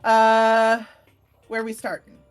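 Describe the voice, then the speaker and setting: A woman's voice: a little high, monotone, slow, clear, resonant tone, faint music behind. A woman co-streamer playing a game aloud with a friend, teasing and giggly. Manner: teasing, giggly, jumps into character voices.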